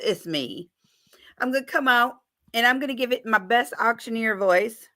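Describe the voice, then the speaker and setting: In a casual live-stream chat, the host playfully greets her viewers by name. She has a fairly high-pitched voice with a sharp tone.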